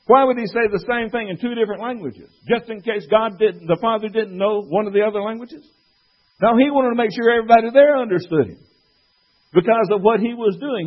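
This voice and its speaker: Heard through a dull lo-fi recording, this preacher's voice is high-pitched and slightly rough. He makes a Bible-based argument, quoting scripture and asking rhetorical questions.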